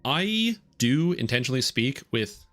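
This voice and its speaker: A Canadian man with a general North American accent, chatting casually on a game stream and enunciating each word clearly. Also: medium pitch, very animated, measured pace, fairly bright tone. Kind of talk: casual live-stream chat.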